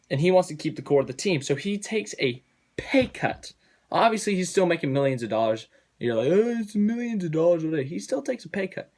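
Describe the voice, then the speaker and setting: A man ranting to camera in a sports vlog, angry and repetitive, with frequent mild swearing. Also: a little high. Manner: angry, repetitive, swears mildly, cools down later. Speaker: sports vlogger. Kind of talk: heated ranting monologue to camera.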